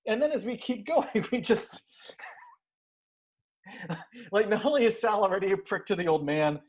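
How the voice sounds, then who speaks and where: A man's voice: sits high, big pitch swings, a little fast, poor audio. A man co-hosting a casual movie podcast, ranting with lots of swearing and frequent laughter. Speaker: podcast co-host.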